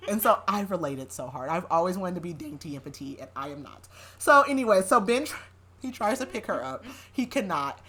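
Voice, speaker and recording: Chatty woman with a lowish voice. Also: lively intonation, fairly quick, fairly bright tone. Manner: chatty, laughing often, heavy use of "like". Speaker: podcast host recapping a novel. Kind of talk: casual chat.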